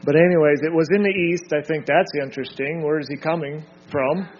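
A man's voice: a little high, steady tone, fairly quick. A man leading a group Bible study, reading scripture aloud and drilling his listeners with short emphatic remarks. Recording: dull lo-fi recording.

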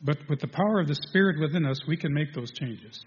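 Guy giving a sermon, kinda husky, stops and restarts a lot, long hall echo. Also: fairly high pitch, expressive. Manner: halting, with many restarts and fillers. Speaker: preacher. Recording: dull lo-fi sound in a reverberant hall.

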